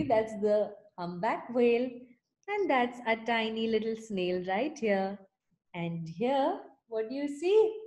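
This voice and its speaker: Animated woman reading a storybook. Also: on the high side. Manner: animated, pausing to explain and ask questions. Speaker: teacher. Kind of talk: reading a picture book aloud to children.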